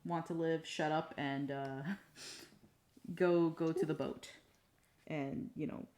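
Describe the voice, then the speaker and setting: A woman's voice: deep voice, fairly even intonation, slow pace, dark tone. A woman voicing a blunt, exasperated male adventurer who swears and bosses his companions around.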